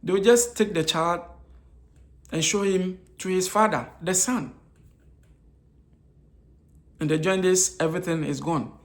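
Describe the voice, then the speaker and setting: A man's voice: sits high, a little slow, long pauses. A man giving an informal talk on nutrition. He keeps asking rhetorical questions and answering them himself, and he repeats his key points. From Africa. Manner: repeats key phrases, many hesitation fillers. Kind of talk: informal health lecture.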